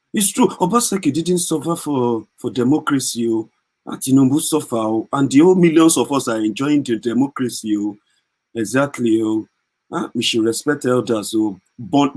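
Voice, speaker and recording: A man's voice: mid-range voice, husky. A man with a Nigerian accent giving heated, sarcastic political commentary in a vlog.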